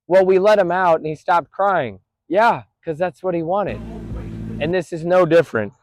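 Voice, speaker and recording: A man with a high-pitched voice speaks at a moderate pace while training a dog on a busy street. He talks to camera about his method in plain terms and praises the dog aloud, captured in a dry recording.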